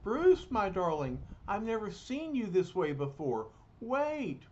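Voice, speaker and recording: A man voicing a young woman who calls anxiously after her sweetheart, in a high, pleading tone, on a dull lo-fi recording. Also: very animated, takes it slowly, a little mellow.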